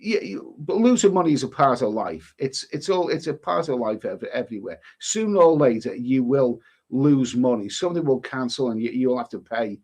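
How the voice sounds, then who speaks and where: A man's voice: medium pitch, animated, normal speed, few pauses, a little mellow. A man hosting a travel live stream, reading viewer comments aloud and rambling in an exasperated way. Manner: rambling, exasperated, swears mildly.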